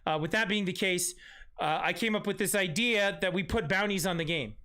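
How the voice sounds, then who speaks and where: Bright, high-voiced man hosting a stream. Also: brisk. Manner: rambling, profane, self-mocking asides. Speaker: stream host. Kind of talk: casual live-stream chat.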